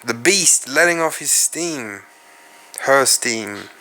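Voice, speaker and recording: An Australian man talks unhurried in a rambling solo monologue, musing aloud and dropping casual swearwords. His voice sits in a middle register with a bright, slightly tense edge. He speaks straight to the viewer as though chatting one on one. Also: medium pitch, expressive. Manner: musing, profane, addresses viewers directly. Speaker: podcast host.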